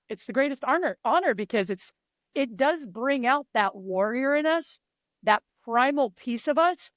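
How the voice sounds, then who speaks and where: A woman coach with a fairly high voice speaks with emphatic, animated energy. She swears freely and slips into the voices of her athletes, recorded close and dry with no room sound. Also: no room sound. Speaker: mindset and performance coach. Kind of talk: guest in a sports interview.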